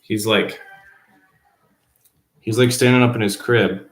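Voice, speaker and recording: A man with a fairly low voice chats loosely on a home livestream, reading his viewers' comments and tossing back replies. He is a teacher, easygoing and unpolished. The sound carries a noticeable roomy echo. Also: steady tone, takes it slowly, faint music behind. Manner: reads viewer comments aloud and answers them offhandedly. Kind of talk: casual livestream chat. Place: at home, below the baby's room.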